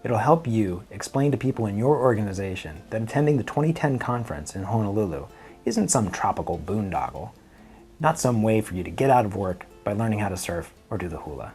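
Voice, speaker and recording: A man presenting a comic invitation video for a conference, delivering the pitch in a deadpan, faux-serious manner. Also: a little fast, soft background music. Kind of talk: mock-earnest comic promo presentation.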